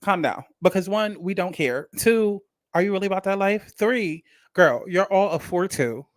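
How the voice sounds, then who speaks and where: A man's voice: high voice, lively intonation, moderate pace, dry recording, studio quality. A man giving a casual, rambling reality TV review, talking animatedly and profanely and repeating himself for emphasis. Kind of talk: casual commentary rant.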